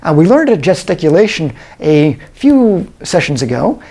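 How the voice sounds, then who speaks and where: A middle-aged man giving a recorded college lecture, explaining in a measured way with frequent pauses and fillers. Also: fairly high pitch, sing-song, mellow.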